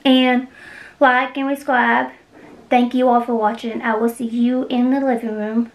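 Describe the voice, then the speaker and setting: A woman from Kentucky vlogs while cleaning her home entryway, out of breath and chatting to viewers in a rambling way. Her voice is a little high with a flat delivery and a measured pace, and the audio quality is poor.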